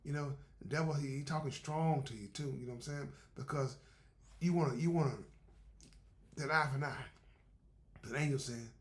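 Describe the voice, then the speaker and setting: A man's voice: a little high, fairly quick, pauses often. A man giving a faith-based motivational talk in a conversational, repetitive, preacherly way. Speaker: motivational speaker.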